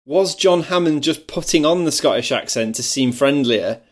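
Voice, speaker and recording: A man's voice: a little high, animated, moderate pace. A man, co-hosting a podcast in a casual film chat and often laughing as he talks. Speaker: podcast co-host.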